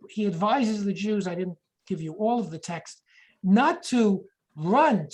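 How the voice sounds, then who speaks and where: A woman's voice: mid-range voice, a little mellow, rough recording. A woman giving a history lecture, explaining points and reading quotations aloud, sometimes correcting herself mid-sentence.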